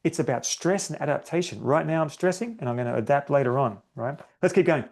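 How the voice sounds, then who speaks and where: A man talking through a solo running podcast episode in a relaxed, conversational way. He slips into little voiced bits of inner self-talk and keeps checking in with the listener. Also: on the high side, fast talker, creaky. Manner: conversational, acts out inner self-talk, often adds "right?". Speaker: podcast host, running coach.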